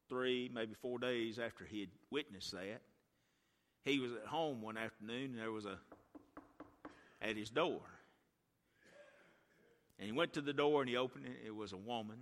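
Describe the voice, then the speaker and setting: A man preaching a revival sermon as a guest speaker in a church, telling a story and building to impassioned shouts. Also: mid-range voice, normal speed, long pauses. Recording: long church reverb.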